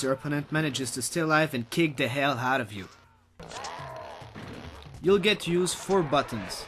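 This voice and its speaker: A man's voice: mid-range voice, noisy background. A man narrating a scripted retro game review in a wry, blunt and casually crude way. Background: game music.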